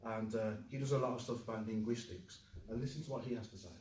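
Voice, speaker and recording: A man teaching a classroom lesson, lively, quizzing the class and joking. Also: on the low side, fast, reverberant, distant mic, a little hiss or hum, poor audio. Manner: lively, asks the class questions, jokes. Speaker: Chinese teacher.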